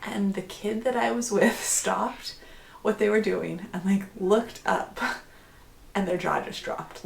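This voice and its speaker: A woman's voice: mid-range voice, vocal fry, slight background noise. Candid woman vlogging in an echoey room. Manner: candid, rambling, laughs often, restarts phrases. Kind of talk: personal vlog talk.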